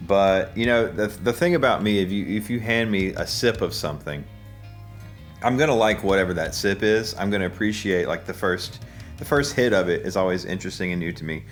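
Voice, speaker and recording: Low-voiced man rambling through a taste test. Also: soft background music. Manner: rambling, joking, halting with fillers. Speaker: musician reviewing drinks. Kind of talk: casual taste-test commentary.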